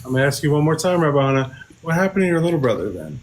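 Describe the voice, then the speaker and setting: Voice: mid-range voice, sing-song, very fast, poor audio. Teasing podcast host in their forties, faint hiss. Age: 40s. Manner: teasing, repeats questions playfully. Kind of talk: casual podcast chat.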